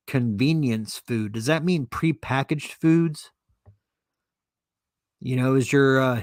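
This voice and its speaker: Male podcast host, solo rant, sarcastic and swearing, mid-pitched voice, dry close sound. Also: no echo. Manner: sarcastic, profane, indignant.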